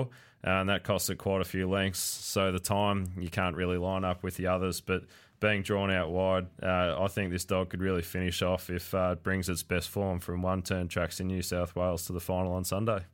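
A man's voice: sits low, clear, resonant tone. A man with an Australian accent giving greyhound racing tips in a casual podcast chat, laid-back with lots of fillers.

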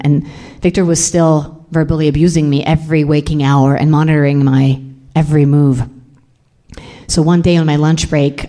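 A young woman recounts a painful chapter of her life in a confessional, intense way. Her speaking voice sits notably low. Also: mellow. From Serbia. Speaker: storyteller. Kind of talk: personal storytelling.

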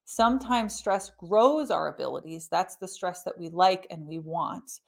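A woman's voice: on the low side, a little slow, vocal fry. Woman podcast host explaining conversationally. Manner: lively, conversational teaching with asides.

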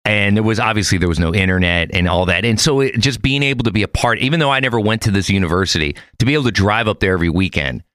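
A man's voice: fairly low pitch, rapid-fire, few pauses, dry recording, studio quality. A man from Los Angeles hosting a podcast, telling long rambling stories in casual chat. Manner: animated, rambling storytelling. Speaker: podcast host.

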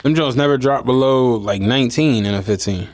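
A man's voice: medium pitch, brisk, darkish tone. A man co-hosting a podcast, chatting casually and telling easygoing stories. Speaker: podcast co-host. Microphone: studio mic.

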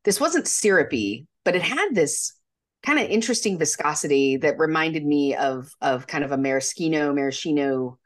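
A woman with a lowish voice co-hosts a casual podcast. Her pitch swings widely as she talks, and she jokes at her own expense. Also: normal speed. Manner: animated, chatty, self-deprecating. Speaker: podcast co-host. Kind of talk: casual chat.

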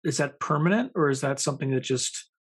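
A man hosting a podcast, asking halting follow-up questions of his guest. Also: on the high side, animated, slightly rough. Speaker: podcast host. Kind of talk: interviewing.

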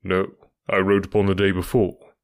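A man doing a deep, stately duke. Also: completely flat delivery. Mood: coolly formal. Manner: deep, sonorous, measured and formal. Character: stately cold aristocratic duke, middle-aged man.

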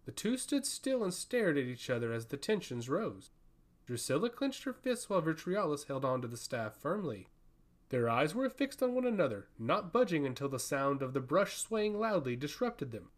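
A man narrating a fantasy story in an expressive storytelling manner. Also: fairly high pitch, moderate pace. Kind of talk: audiobook fantasy reading.

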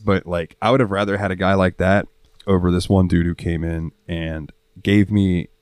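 A young man with a Southern US accent, co-hosting a podcast and telling profane, animated stories from his job. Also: low-pitched, moderate pace, smooth, no echo, clean studio sound. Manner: profane, animated storyteller acting out customers. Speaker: podcast co-host. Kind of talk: casual chat, storytelling.

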